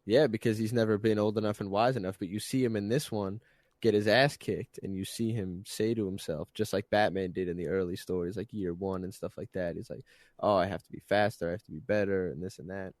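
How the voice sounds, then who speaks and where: A man with a lowish voice chats on a casual podcast, relaxed and agreeable as he chimes in. The mic is close and dry, with no echo around him. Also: a little fast. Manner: easygoing, agreeable, chiming in. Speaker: podcast co-host.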